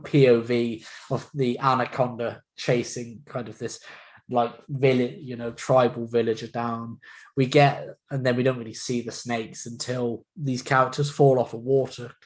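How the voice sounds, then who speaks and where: Male podcast co-host, mid-pitched, loose and chatty, laughs easily. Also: poor audio. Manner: rambling, laughs often, many fillers. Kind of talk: casual film chat.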